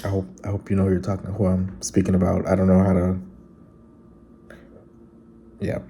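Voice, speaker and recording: Low, very dark-voiced man. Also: monotone, moderate pace, creaky, a little hiss or hum. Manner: earnest and heartfelt, addressing viewers directly. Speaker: vlogger reading viewer comments. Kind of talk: casual chat.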